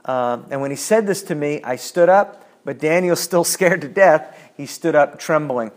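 Man, Bible study teacher, somewhat higher voice, thoughtful, searching. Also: normal speed, few pauses. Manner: thoughtful, reads scripture aloud, frequent restarts.

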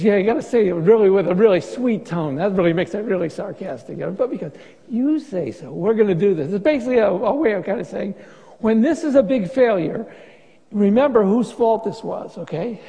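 A man's voice: high-pitched, expressive, fairly quick, warm tone, big-room sound, low-quality recording. A man preaching a sermon as pastor, in a conversational, joking way with many restarts.

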